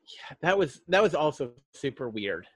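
A man's voice: on the high side, sing-song, normal speed, a bit bright, husky, no room sound. A man co-hosting a casual movie chat, making wry, teasing remarks. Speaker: podcast co-host.

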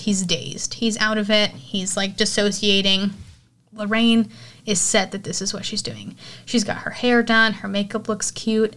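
A woman in a casual podcast recap, gushing about her favorite scenes. Her voice sits at an ordinary middle pitch. She rambles, swears and fills gaps with "like" and "you know". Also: a bit bright. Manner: enthusiastic, chatty, swears, many fillers. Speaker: horror podcast host.

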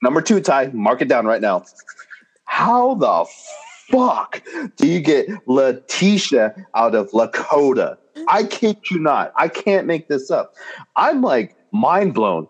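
A man's voice: takes it slowly, breathy edge, muffled recording. A man co-hosting a casual chat, telling an exasperated story with incredulous outbursts. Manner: exasperated, animated ranting with incredulous high-pitched jumps. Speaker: podcast co-host.

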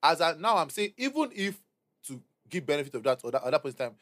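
A young Nigerian man co-hosting a casual podcast chat, rapid and repeating words as he finds his point. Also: on the high side, sing-song, fairly bright tone, no room sound. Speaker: podcast co-host.

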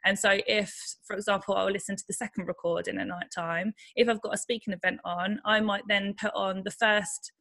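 A woman hosts a casual podcast conversation, chiming in with warm, eager agreement. Her voice sits at an ordinary middle pitch. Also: flat delivery, gravelly. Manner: enthusiastic, quick agreeing interjections. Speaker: podcast host. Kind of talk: casual interview talk.

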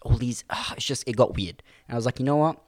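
A young man spins a casual story for a podcast, animated and quick to laugh. His voice sits in a middle register and sounds close and dry, with no room around it. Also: mid-range voice, no room sound. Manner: animated storyteller, acts out quotes, laughs often. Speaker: podcast co-host.

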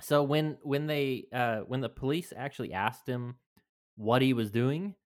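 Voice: mid-range voice, a little slow. A podcast host chatting casually, laughing easily and hesitating with fillers. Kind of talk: casual chat.

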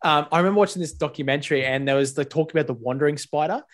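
A man's voice: a little high, racing. A man with an Australian accent, hosting a casual podcast and telling stories with lots of swearing. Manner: swears a lot, animated storytelling. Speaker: podcast host.

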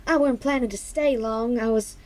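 A woman's voice: a little high, a little fast, a little mellow, lightly acted. A woman voicing a brassy, sassy young American fiancée in a comedy audio drama, with an American accent.

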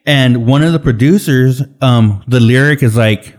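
A man's voice: medium pitch, a little slow. Male podcast co-host, casual, rambling, swears a lot, mid-range voice. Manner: rambling, swears freely, mimics others. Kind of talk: casual chat.

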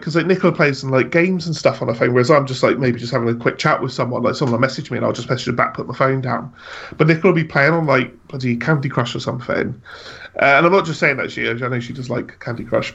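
A man rants in a casual podcast chat, his voice gravelly with a husky, rough edge. He scatters filler words as he complains. The recording sounds dull and lo-fi. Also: mid-range voice, fast, fairly bright tone. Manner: ranting, many fillers like "like". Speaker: podcast co-host.

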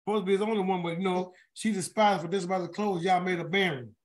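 High-voiced man teaching a Bible study. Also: steady tone, fast talker. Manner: colloquial, chatty asides, frequent restarts while reading. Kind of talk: scripture reading with casual commentary.

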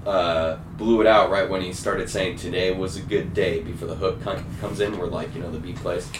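A man's voice: low-pitched, steady tone, normal speed. A young man casually telling a rambling story, swearing and full of fillers. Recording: roomy sound, mic far off, faint hum.

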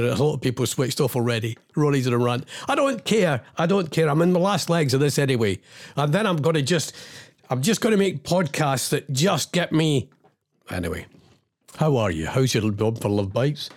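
A middle-aged man hosting a radio show, and his voice sits a bit high and swings widely in pitch. He rambles on in exasperation and keeps throwing in wry asides. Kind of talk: ranting radio chat.

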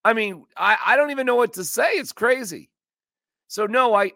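A man hosting a sports podcast, ranting casually in an animated, emphatic, joking way. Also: high-pitched, no echo, studio quality.

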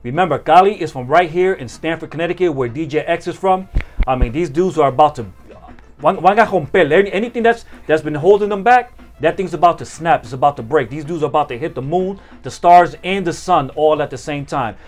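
A man's voice: a little high, lively intonation, a little fast, faint music behind. A man hosting a live-streamed interview, talking with hype and mixing in Spanish phrases. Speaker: host.

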